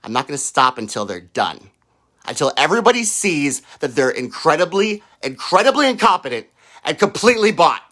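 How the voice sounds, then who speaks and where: A man holds forth in a heated, profane livestream rant, firing off mocking quotes of the people he attacks. His pitch leaps up and down constantly, and his voice has a bright, cutting edge. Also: sing-song, a little fast. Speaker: political livestreamer. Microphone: own microphone.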